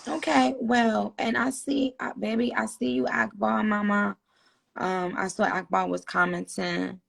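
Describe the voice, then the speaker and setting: A woman's voice: medium pitch, fairly even intonation, unhurried, vocal fry. A woman hosting a livestream, chatting in a laid-back, drawling way and asking her guest questions. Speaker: host of the livestream. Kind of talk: casual livestream chat. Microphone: phone.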